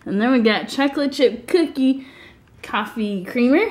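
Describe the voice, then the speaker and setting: A woman's voice: a little high, normal speed. Bubbly woman vlogging from her car. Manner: bubbly, giggly, sing-song asides. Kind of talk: casual vlog chat. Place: in a car, driving.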